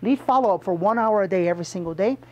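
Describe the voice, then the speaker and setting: A man's voice: high-pitched, quick pace. Punchy man giving a motivational sales talk. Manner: punchy, emphatic, quizzes the audience. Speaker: sales trainer. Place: sales meeting room with a live audience.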